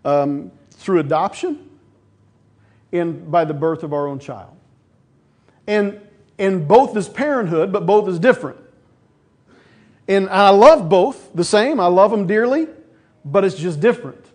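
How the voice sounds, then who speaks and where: A man's voice: high-pitched, measured pace, long pauses. A middle-aged male pastor preaching a sermon, telling stories and acting out voices along the way. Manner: storytelling, animated, acts out quoted voices.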